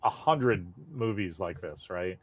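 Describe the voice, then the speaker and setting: A man co-hosting a podcast in casual chat, ranting in an animated way, swearing freely and laughing often. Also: low voice, unhurried, no room sound. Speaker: podcast co-host.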